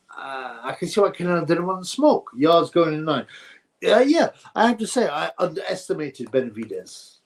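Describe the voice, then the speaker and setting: A man hosting a boxing livestream, rambling through viewer comments and giving blunt opinions in casual chat. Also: a little high. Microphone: streaming setup mic.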